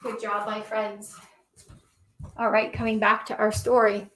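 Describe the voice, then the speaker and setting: A woman's voice: medium pitch, level tone, measured pace, fairly bright tone, echoey room, far from the mic. A woman teaching a yoga class for children and reading a picture book aloud, encouraging the kids and calling them her friends.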